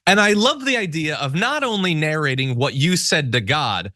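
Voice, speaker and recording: A man hosting a political commentary show, talking in a sarcastic, animated way. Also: on the high side, moderate pace, dry recording, studio quality. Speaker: show host.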